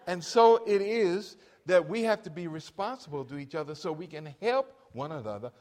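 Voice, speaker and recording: A man's voice: on the high side, animated, moderate pace, darkish tone. A middle-aged man preaching a sermon as pastor, calling on the congregation for amens between points. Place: church.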